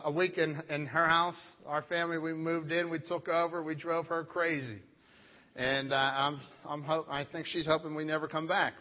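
An animated male preacher, fairly high-voiced, telling personal stories in a sermon. His voice rings through a large hall with a long reverb. The recording is dull and lo-fi. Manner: animated storyteller, acts out family members. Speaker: pastor.

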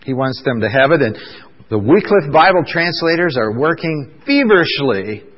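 A man's voice: a little high, big pitch swings, slightly rough. A man preaching a sermon as pastor, in a conversational way, often saying "uh" and asking the congregation questions. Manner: conversational, fills pauses with "uh", asks the congregation questions. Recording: dull lo-fi sound with long hall reverb.

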